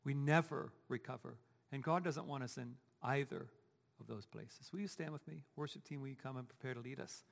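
Gravelly-voiced pastor preaching in a hall. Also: male voice, mid-range voice, fairly quick. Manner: conversational preaching, rhetorical questions to the congregation. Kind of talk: sermon. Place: church sanctuary.

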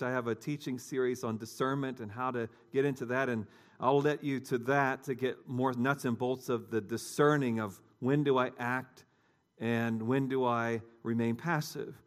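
A man preaching a sermon, telling a story conversationally and talking directly to his congregation. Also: mid-range voice. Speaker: pastor.

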